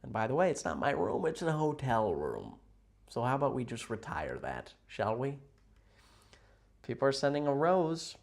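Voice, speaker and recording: A man chatting casually with viewers on a livestream from a hotel room, rambling, playful and sarcastic, jumping between loud outbursts and mutters. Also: medium pitch, huge pitch swings, moderate pace, creaky. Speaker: livestream host.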